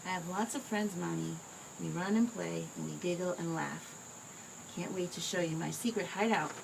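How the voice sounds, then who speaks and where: A woman reading a picture book aloud to her child in a gentle, expressive way. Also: fairly low pitch, moderate pace. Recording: home recording with clear background noise.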